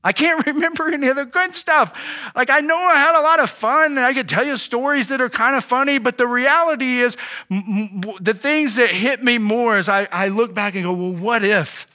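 A young man delivers an earnest sermon in a high, bright voice. He stumbles and restarts often as he tells his own story, and he acts out his talks with God in quoted dialogue. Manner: earnest, halting storytelling with many restarts and fillers. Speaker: pastor.

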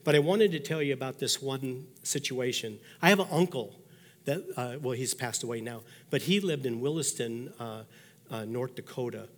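A man in his sixties preaches a sermon as a pastor, spinning personal stories in a folksy way and voicing the thoughts he quotes. His mid-pitched voice rings out with a long reverb from a large hall. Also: moderate pace.

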